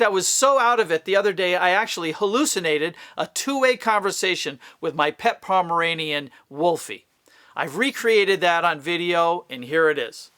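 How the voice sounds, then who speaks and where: A man's voice: high voice, bright, forceful tone. Dry jokey male comedy host. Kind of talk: comedy sketch hosting.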